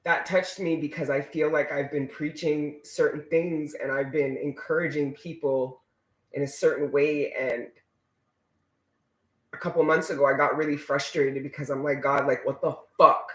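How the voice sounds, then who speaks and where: A man's voice: a little high, fairly even intonation, moderate pace. A man giving a casual spiritual tarot reading to his viewers, talking in an emphatic, preachy way and swearing freely. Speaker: tarot reader. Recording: roomy echo.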